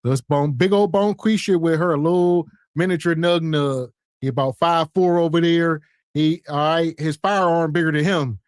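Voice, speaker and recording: Joking podcast host, dry sound. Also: male voice, fairly high pitch, moderate pace, no room sound. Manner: joking, laid-back, chuckling. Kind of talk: casual commentary on a video clip.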